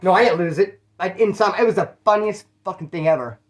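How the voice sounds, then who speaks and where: A man's voice: high voice, fast talker. Man, from Bakersfield, slangy, profane, rambling storyteller, casual monologue. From Bakersfield, California. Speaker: former prisoner telling stories.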